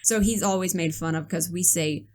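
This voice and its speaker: A woman from the northeastern United States, co-hosting a casual podcast and telling stories in a halting, restarting way. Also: on the low side, darkish tone. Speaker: podcast co-host. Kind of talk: casual chat.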